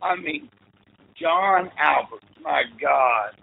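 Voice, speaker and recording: Man, middle-aged coach, gravelly voice, lively storyteller who acts out the quotes, a higher voice for a man. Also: slow pace, phone-quality sound, a crowd in the background. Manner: animated storyteller acting out quotes. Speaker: football coach, interview guest. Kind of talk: casual storytelling interview.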